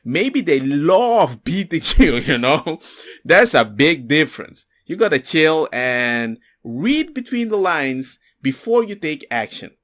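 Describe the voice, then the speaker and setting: A man's voice: on the high side, slow. A man in a casual monologue, telling personal stories and acting out what others said. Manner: animated storyteller, acts out others' lines. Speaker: commentator.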